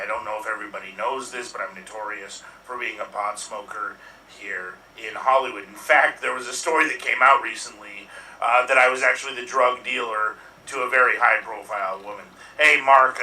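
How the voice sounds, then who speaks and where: A man doing an improv impression of a stoned, grumpy older film actor giving a rambling, deadpan best man speech. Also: on the low side, a little hiss or hum. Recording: roomy distant mic.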